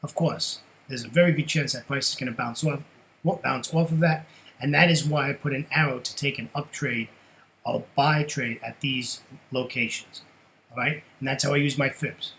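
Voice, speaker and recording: A middle-aged man giving a casual trading lesson over his charts, chatty and quick to ask rhetorical questions, tagging "right?" onto his points. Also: medium pitch, fairly even intonation, creaky, a bit bright, rough recording. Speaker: forex trading educator.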